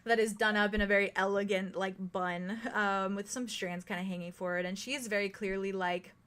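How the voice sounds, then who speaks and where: A woman's voice: mid-range voice, steady tone, fairly quick, a bit bright, smooth. A young woman narrating a tabletop role-playing game as game master, hesitant and full of fillers.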